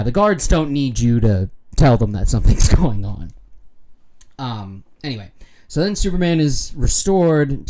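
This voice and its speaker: A man's voice: fairly high pitch, warm tone. A middle-aged man hosting a livestream and giving a casual, rambling film recap full of filler words. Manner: rambling, filler-heavy, chatty. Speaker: livestream host.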